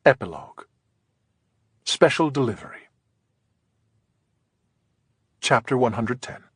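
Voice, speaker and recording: A man narrating an audiobook in a soft, whispered storytelling way, gentle and unhurried, close to the mic. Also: medium pitch, animated, slightly rough, no room sound.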